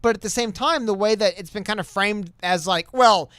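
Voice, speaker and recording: A man's voice: high-pitched, expressive, quick pace, few pauses, a bit bright, clear, resonant tone, no room sound. A man co-hosting a casual political chat over a call, rambling and reading quotes aloud with many restarts. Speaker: podcast co-host. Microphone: webcam call mic.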